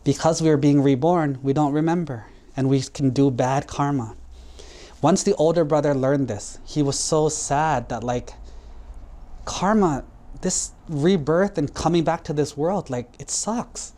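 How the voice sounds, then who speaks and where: A man's voice: a little high, a little slow, mellow. A man, a Buddhist monk, telling a moral story to children in a casual, conversational way. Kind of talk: storytelling sermon for kids.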